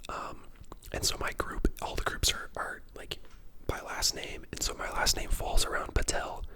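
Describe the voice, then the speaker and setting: A young adult in their twenties whispering close to the mic in a relaxed ASMR ramble. The talk is loose and chatty, with plenty of ums and likes. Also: moderate pace. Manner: casual chatty whisper with many fillers. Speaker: ASMR creator and dental student. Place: at home.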